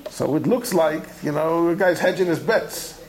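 A man's voice: on the high side, normal speed, poor audio. A man giving a Talmud study lecture, talking animatedly and conversationally as the teacher. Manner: animated, conversational, acts out the texts he quotes.

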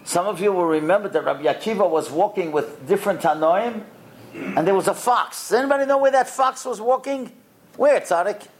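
A man teaching a lesson to boys and adults, telling stories with lively acted-out quotes and asking the listeners questions. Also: high-pitched, a little fast, a little hiss or hum. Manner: lively, acts out the quoted characters, quizzes the listeners. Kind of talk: animated storytelling lesson with questions to the audience.

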